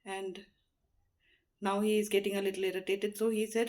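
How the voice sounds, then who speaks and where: A woman's voice: mid-range voice, little pitch movement, darkish tone. Earnest middle-aged woman giving advice. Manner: earnest, unhurried, frequent "you know" fillers. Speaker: motivational speaker. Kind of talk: heartfelt advice talk.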